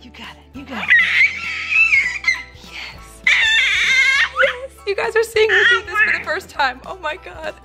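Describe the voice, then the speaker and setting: A young woman vlogging as a mother of twins, gushing in excited baby talk. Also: extremely high pitch, a little slow, long pauses, shouting, music in the background. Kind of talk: casual vlog talking to camera and babies.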